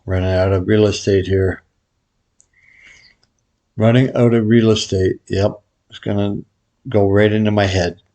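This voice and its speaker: A man hosting a gambling video, calling out his bets in a relaxed, muttered running commentary to viewers. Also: lowish voice, a little slow, pauses often. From Vegas pro. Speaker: baccarat video host. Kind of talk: casual play-by-play of bets.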